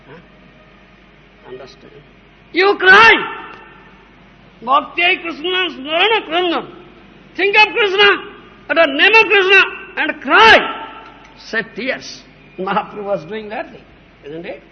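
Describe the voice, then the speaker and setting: A man's voice: very high-pitched, sing-song, unhurried, pauses often. A man giving a devotional lecture as a spiritual teacher, repeating himself and checking that listeners understand, now and then chanting verses. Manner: repetitive, asks listeners "huh?", "understand?". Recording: dull lo-fi recording in a reverberant hall.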